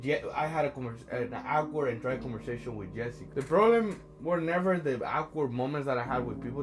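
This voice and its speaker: A man telling a personal story in a casual, conversational way, often checking in with "right?" as a social anxiety coach. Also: medium pitch. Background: background music.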